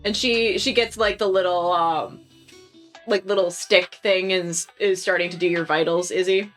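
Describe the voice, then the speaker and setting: A woman's voice: fairly low pitch, steady tone, moderate pace, a bit bright, faint music behind. A woman narrating a tabletop game as game master, in a casual, filler-heavy way.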